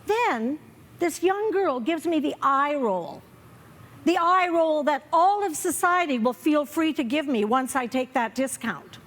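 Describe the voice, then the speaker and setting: An older woman doing a live stand-up set on stage, wry and self-mocking, slipping into quick character asides. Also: high-pitched, animated, fairly bright tone. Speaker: stand-up comedian. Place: comedy festival stage before a live audience.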